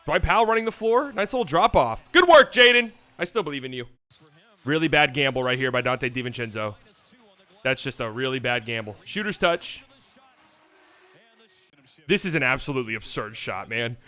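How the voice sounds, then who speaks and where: A man hosting a basketball channel, breaking down game highlights with playful, joking asides. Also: lively intonation, normal speed, long pauses, pushed and bright, clear, resonant tone. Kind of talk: game film breakdown commentary.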